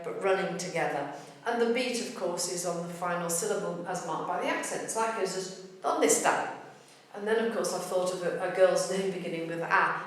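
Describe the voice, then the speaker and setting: Woman, language teacher, measured delivery, distant mic, heavy room echo. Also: fairly low pitch. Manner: patient, measured, demonstrates words slowly. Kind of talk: explanatory lesson. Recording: very echoey room, voice from far off.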